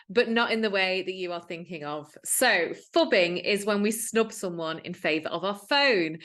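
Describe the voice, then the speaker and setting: A woman's voice: medium pitch, a bit bright. A woman, a digital wellbeing coach, explaining in an earnest, conversational way and acting out quoted speech. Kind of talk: talking-to-camera explainer.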